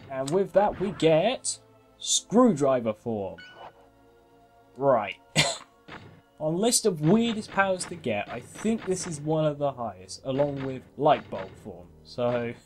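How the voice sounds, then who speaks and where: A man's voice: mid-range voice, lively intonation, slow pace, faint music behind. A man hosting a game walkthrough in casual gameplay commentary, chatty and self-mocking, laughing often.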